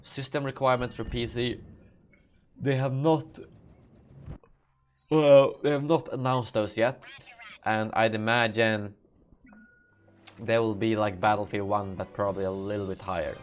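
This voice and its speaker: A man's voice: lowish voice, little pitch movement, measured pace, pauses often, faint music behind. A young man hosting a live gaming Q&A, reading out chat questions and answering in a sleepy, rambling way with many fillers and self-corrections. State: sleepy, yawning. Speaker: gaming channel host.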